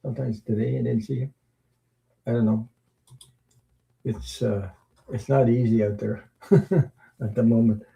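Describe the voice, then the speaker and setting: A man hosting a tarot livestream, chatting casually with viewers in a rambling, halting way, with many fillers and chuckles. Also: medium pitch, steady tone, creaky, warm tone, poor audio. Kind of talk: casual livestream chat reading viewer comments.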